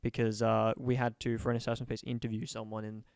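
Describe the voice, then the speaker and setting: A young man, a student, asks a comedian questions in a relaxed, chatty way with plenty of fillers. His voice is clear and mid-range. The recording is dry and close. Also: on the low side, fast, dry recording. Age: young adult. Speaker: student interviewer. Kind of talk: casual interview.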